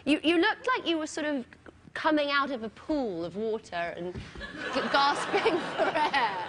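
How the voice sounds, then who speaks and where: A woman's voice: high voice, lively intonation, measured pace, a bit bright, a little hiss or hum. A woman with an English accent, a giggly, playful guest on a late-night talk show in a TV studio. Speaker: actress guest. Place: television studio with audience.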